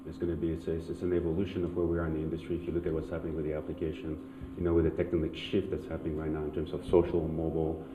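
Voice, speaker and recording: A very deep, quick-talking man explains his work in fluent business language full of restarts. He sounds roomy and thin, as if through a phone line, with steady noise behind him. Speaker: guest, engineering executive. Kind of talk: conference fireside chat. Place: conference stage. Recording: roomy hall on a tinny, noisy line.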